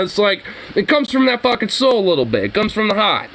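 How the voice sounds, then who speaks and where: A man's voice: sits high, wildly swooping pitch, a little fast, vocal fry, a bit bright, rough recording. A man on a casual commentary show, rambling and swearing as he riffs with his co-host. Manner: profane, rambling, laughing often. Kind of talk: casual political commentary chat.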